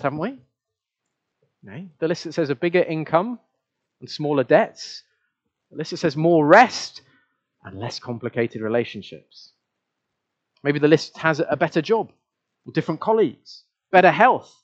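A man preaching a sermon in a conversational way, asking the congregation questions and sometimes repeating his words. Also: on the high side. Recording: dull lo-fi recording.

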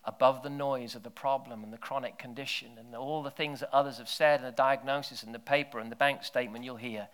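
A man preaching, his voice bright and forward. He tells stories, sinking into hushed near-whispers and then rising to loud shouted bursts. His pitch sits in the middle range. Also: steady tone, quick pace, hardly any pauses. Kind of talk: sermon with storytelling.

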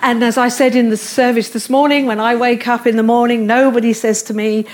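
A woman's voice: on the high side, little pitch movement, a little fast, darkish tone, slight background noise. Earnest woman preaching a sermon. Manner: earnest, repetitive affirmations with light self-deprecating humor. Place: church service room.

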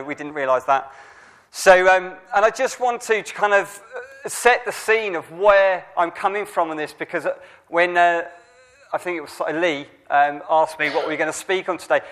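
High-voiced man preaching casually. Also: fairly bright tone. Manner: conversational, with frequent fillers and restarts; asks the audience direct questions. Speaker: youth worker preaching. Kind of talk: informal sermon.

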